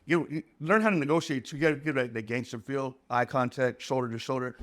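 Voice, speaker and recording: Fast-talking chef telling stories. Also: male voice, mid-range voice. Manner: animated, acts out kitchen exchanges in quoted voices. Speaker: guest chef. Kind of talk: casual storytelling.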